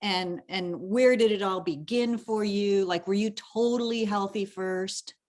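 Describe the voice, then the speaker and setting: A woman hosts a podcast and chats casually and emotionally with her guest in an interview, often restarting her sentences. Her mid-range voice is unhurried and a little mellow.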